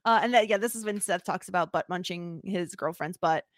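A woman's voice: fairly low pitch, fairly quick, no echo, studio quality. A woman co-hosting a TV recap podcast, talking casually with many fillers. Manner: chatty, lots of "like" fillers. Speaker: podcast co-host.

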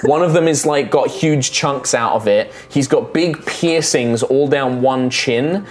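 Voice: medium pitch, measured pace. A game master narrating a tabletop game in a loose, giggly way with lots of fillers.

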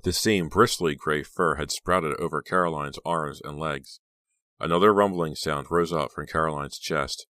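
Very deep-voiced man reading horror. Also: a bit bright, dry recording. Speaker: audiobook narrator. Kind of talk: scripted horror audiobook narration.

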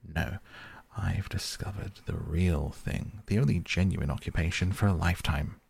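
A man voicing a boastful, excitable male toad in a soft bedtime audiobook reading, with a pompous, coaxing manner. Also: low voice, moderate pace, creaky, slightly rough, heavily acted.

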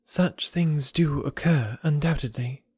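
A man voicing a reserved young woman who speaks in a measured, quietly earnest way. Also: fairly high pitch, slightly rough, dry recording, clean studio sound. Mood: grave.

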